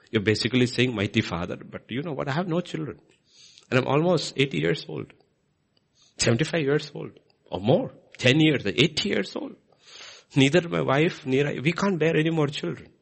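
A man's voice: vocal fry, husky. A man preaching a sermon in a church, acting out scripture quotes with big swings in emphasis. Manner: animated, swinging pitch and loudness for emphasis.

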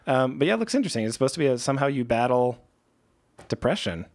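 A man's voice: medium pitch, very animated, fast talker. A man co-hosting a podcast in casual chat, easygoing and rambling with plenty of fillers. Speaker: podcast co-host.

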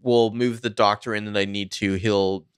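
A man's voice: on the low side, flat delivery, moderate pace, clean tone, dry recording, studio quality. A man co-hosting a podcast, rambling through a TV recap in a laid-back, wry way. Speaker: podcast co-host. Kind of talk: casual TV recap chat.

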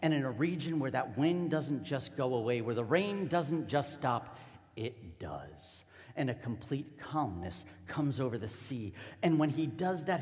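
A man's voice: medium pitch, very animated, moderate pace, a little mellow, big-room sound. A man preaching a sermon as a pastor, telling the story casually and with animation.

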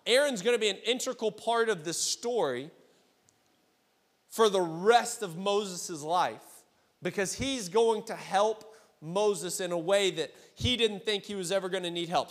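Male youth pastor, high voice, relaxed conversational sermon, recorded in a reverberant auditorium. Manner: casual, conversational preaching with direct questions to listeners.

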